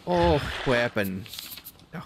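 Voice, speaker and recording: Lively joking man streaming a game. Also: mid-range voice, takes it slowly, background noise. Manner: joking, pun-making. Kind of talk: casual gaming chat.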